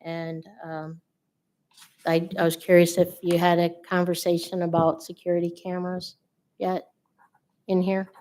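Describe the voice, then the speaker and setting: A woman's voice: on the low side, monotone, measured pace, pauses often, darkish tone. A woman giving public comment at a city council meeting, earnest and polite, with hesitant fillers. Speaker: resident speaking at public comment. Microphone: podium microphone.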